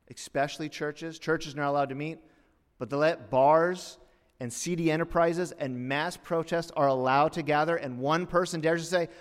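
A man preaching a sermon as a pastor, dramatic, swinging between hushed lines and loud outbursts, with mocking asides. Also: a little high, in a large hall.

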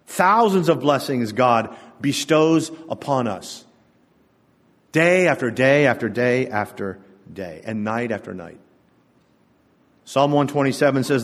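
A man preaching a sermon to his congregation, telling stories in a conversational way with touches of humor. His voice sits at a middle pitch, and a long reverb hangs in the church hall around him. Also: animated, unhurried, long pauses, slightly rough. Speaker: pastor.

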